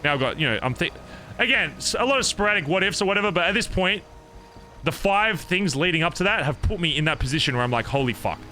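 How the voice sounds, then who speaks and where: A young man telling an animated, profane story in character to other roleplay players. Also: on the high side, fast talker, slight background noise. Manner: animated, profane, rambling recounting. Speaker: roleplay streamer.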